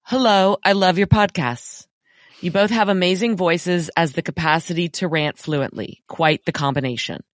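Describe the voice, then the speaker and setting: A woman's voice: on the low side, normal speed, no echo, studio quality. A woman co-hosting a podcast, reading listener letters aloud with wry, blunt asides. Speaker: podcast co-host.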